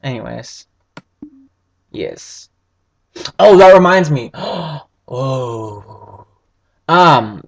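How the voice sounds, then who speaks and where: Chatty young-sounding gaming guy. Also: fairly high pitch. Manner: rambling, chatty, swears freely. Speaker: gaming video host. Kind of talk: casual gameplay commentary.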